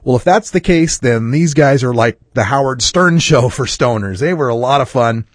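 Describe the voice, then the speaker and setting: A man's voice: medium pitch, normal speed, dry recording, clean studio sound. A man hosting his own podcast, talking through news and happenings in a chatty, wry way. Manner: lively, wry, chatty delivery. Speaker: podcast host. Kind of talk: casual podcast monologue.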